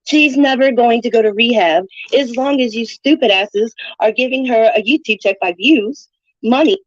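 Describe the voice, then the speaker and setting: A woman's voice: a little high, normal speed, no room sound. Brash, profane woman streamer. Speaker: livestreamer. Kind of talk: casual livestream rant. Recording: dull lo-fi stream audio.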